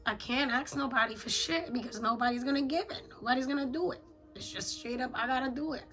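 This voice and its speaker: A woman's voice: high-pitched, quick pace, a bit bright, faint music behind, rough recording. A woman, venting in a raw confessional voice journal, blunt and slangy with heavy swearing. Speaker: vlogger.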